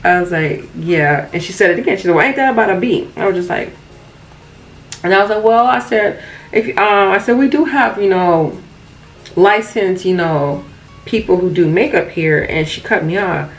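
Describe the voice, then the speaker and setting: A young woman vlogging casually while doing her makeup, telling a story in a chatty, animated way with laughs and asides. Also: lowish voice, normal speed, faint music behind, rough recording. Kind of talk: casual get-ready-with-me storytime.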